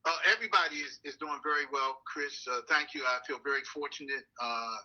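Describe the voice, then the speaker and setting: An older man, a councilman, speaking in an interview in a measured, deliberate way with frequent "uh" fillers. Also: on the high side, pushed and bright, lo-fi sound. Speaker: city councilman and NAACP president. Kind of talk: interview conversation.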